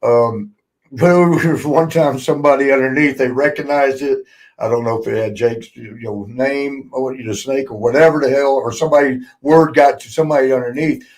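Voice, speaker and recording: A man's voice: mid-range voice, a little fast. A man, hosting a podcast and telling wrestling road stories in casual chat, laughing often and swearing freely. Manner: laughing often, swearing, lively retelling with voiced quotes. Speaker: podcast host, former wrestler.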